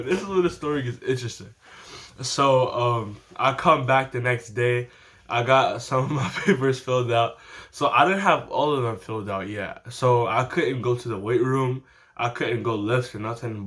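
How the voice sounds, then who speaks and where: A teenage boy chats straight to camera in a loose, animated story-time ramble. His voice sits at a middle pitch, and he breaks into laughter as he goes. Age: teens. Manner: animated, slangy, laughs often. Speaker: vlogger.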